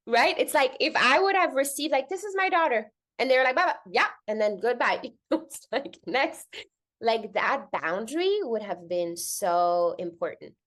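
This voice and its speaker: A woman with a somewhat high voice tells stories casually. She is animated, acts out the people she quotes, and swears freely. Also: unhurried. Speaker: guest. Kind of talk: casual conversational storytelling.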